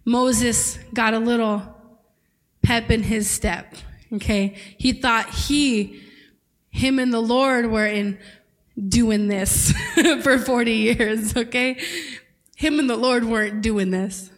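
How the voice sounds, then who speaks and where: Woman preacher, chatty sermon delivery that jokes with the congregation, voice on the higher side. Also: fairly even intonation, slow. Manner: conversational and playful, laughing with the congregation. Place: church service.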